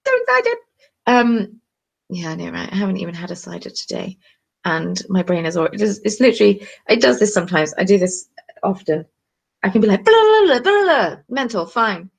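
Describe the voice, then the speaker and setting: A young woman hosting a live craft stream, chatting in a bubbly, excitable way. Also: on the low side, quick pace, vocal fry, husky. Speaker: craft channel host. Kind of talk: casual live-stream chat.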